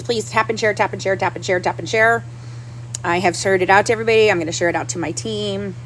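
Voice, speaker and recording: A woman's voice: mid-range voice, slight background noise, poor audio. A woman hosting a casual livestream. She talks straight to the viewers in the chat, repeats herself a lot and sounds upset and restless. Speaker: livestream host.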